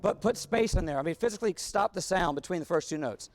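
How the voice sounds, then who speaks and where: High-voiced male band conductor rehearsing. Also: animated, fast talker. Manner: sings rhythms on syllables, coaxing and instructive. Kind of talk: rehearsing a wind band, singing phrases. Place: large rehearsal hall. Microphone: wireless body mic. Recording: long hall reverb, band music behind.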